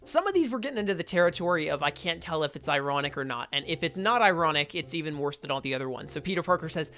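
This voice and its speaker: Wry young woman vlogger, lowish voice. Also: animated, fast, fairly bright tone. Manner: wry, sarcastic, reads posts aloud in put-on voices. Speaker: YouTube host. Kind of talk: comedic commentary vlog.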